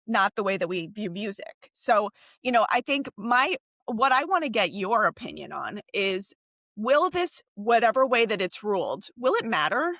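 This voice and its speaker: A woman co-hosting a podcast talks in a loose, rambling way, full of "like" and "you know" and restarts. Her voice sits at an ordinary middle pitch and is recorded close and dry, with no room sound. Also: sing-song, moderate pace, a bit bright, no echo. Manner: chatty, many fillers and restarts. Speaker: podcast co-host. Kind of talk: casual podcast discussion.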